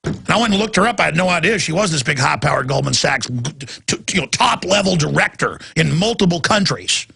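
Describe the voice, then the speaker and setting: A male talk radio host ranting in a heated monologue, mocking voices and breaking into shouts, with a gravelly voice. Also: fairly high pitch, animated, brisk.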